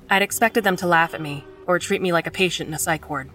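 A woman with a fairly low voice reads a first-person horror story. Her telling is measured and tense, with faint music underneath. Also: fairly bright tone, far from the mic. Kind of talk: scripted first-person narration.

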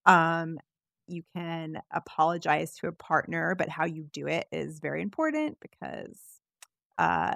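A woman co-hosting a podcast in casual chat, relaxed and giggly as she reads out a list. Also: deep voice, unhurried, creaky, no echo. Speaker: podcast co-host.

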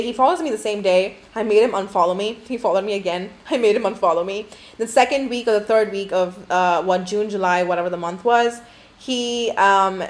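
Young woman host, casual profane storyteller, rambling and candid, filler-heavy delivery. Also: fairly high pitch. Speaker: podcast host.

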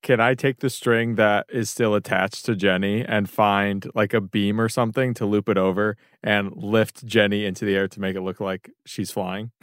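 A man playing a tabletop game, chatting casually and getting excited. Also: lowish voice, normal speed, hardly any pauses, dry recording, clean studio sound. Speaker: player.

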